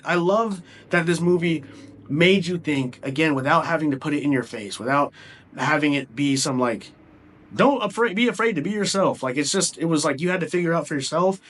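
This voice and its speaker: A man's voice: a little high, a bit bright. A young man giving a casual film review, rambling and enthusiastic with lots of fillers and restarts. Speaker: movie reviewer.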